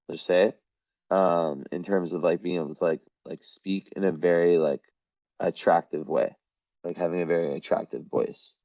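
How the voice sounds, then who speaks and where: Low-voiced man giving a rambling astrology reading. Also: mellow, no room sound, highs cut off. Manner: meandering, hesitant, full of "like". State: losing his voice. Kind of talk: casual astrology reading to camera.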